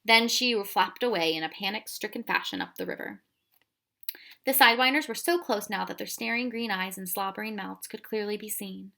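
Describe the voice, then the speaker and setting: A woman reading a children's storybook aloud in a soft, even voice. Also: mid-range voice, normal speed, creaky. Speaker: audiobook reader. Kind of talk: storybook narration.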